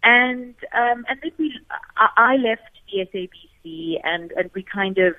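A woman's voice: fairly high pitch, lively intonation, normal speed, no echo. A South African woman, a former radio co-host, telling stories in a tribute chat and acting out the quotes she tells. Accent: South African English. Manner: warm storytelling, acts out quotes. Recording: tinny phone line, dry.

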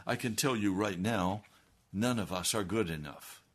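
A man, a pastor delivering an earnest, deliberate broadcast sermon. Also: on the low side, breathy edge. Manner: earnest, deliberate preaching with rising emphasis.

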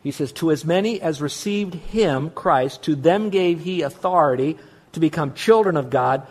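Emphatic male pastor with a higher voice. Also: moderate pace. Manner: emphatic, repeats key words, asks and answers his own questions. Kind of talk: sermon.

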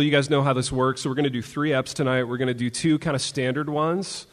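Playful host in a reverberant live hall. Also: male voice, medium pitch, steady tone, fast, hardly any pauses, crowd noise, background noise. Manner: playful, calls his co-hosts baby. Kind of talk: live podcast hosting. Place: live stage show in a hall.

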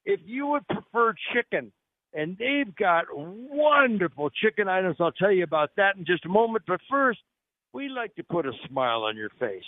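Man, radio host, high voice, upbeat promo patter, tinny phone-line sound. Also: very animated, moderate pace, no room sound. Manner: upbeat salesman-like delivery, jokey. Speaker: radio talk show host. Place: on location at a restaurant. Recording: narrow phone-like radio audio, dry.

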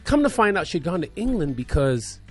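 A man's voice: fairly high pitch, fairly quick. Male radio guest, raised voice, emotional storyteller, faint music bed. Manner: animated, acts out quoted voices, swings from loud to hushed. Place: radio studio.

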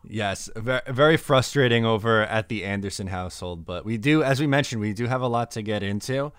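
A young man co-hosting a casual sports podcast, upbeat, moving briskly between chat and sponsor reads. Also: lowish voice, clear, resonant tone, no room sound, clean studio sound. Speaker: podcast co-host.

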